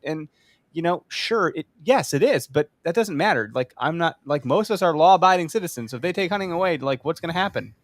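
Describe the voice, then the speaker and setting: A man's voice: high-pitched, expressive, a little fast, no room sound. A man hosting a live podcast in casual chat, rambling and joking with frequent laughs. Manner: rambling, jokey, laughs often. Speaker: podcast host. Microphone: studio mic.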